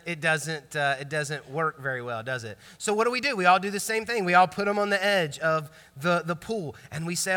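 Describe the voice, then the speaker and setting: A man in his thirties, a pastor preaching a sermon in a lively, conversational storytelling way. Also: high voice. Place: church sanctuary. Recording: long reverb church hall.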